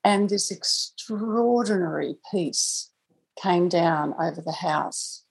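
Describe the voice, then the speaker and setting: A woman's voice: fairly low pitch, slow pace, gravelly, a little mellow, slightly rough, poor audio. A woman guest on a podcast telling a personal story in a reflective, conversational way, laughing now and then. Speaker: guest, angel communicator.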